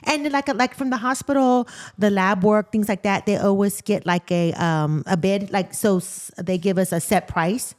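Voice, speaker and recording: A woman's voice: mid-range voice, normal speed, hardly any pauses, darkish tone. Chatty woman nurse podcast co-host. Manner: chatty, laughs while telling stories. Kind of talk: casual chat.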